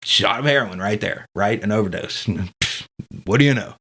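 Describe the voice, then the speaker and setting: Brief Male podcast guest, lowish voice, loose profane storytelling, lots of "dude" and "like". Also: normal speed, a bit bright, slight background noise. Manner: candid and profane, heavy with fillers like dude and man. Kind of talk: casual storytelling.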